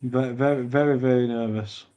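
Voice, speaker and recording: A man's voice: mid-range voice, steady tone, brisk, mellow, clean tone, muffled recording. A man co-hosting a fan watch-along, giving short, nervous reactions to the play. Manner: short anxious interjections as a fan. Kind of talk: live match reactions.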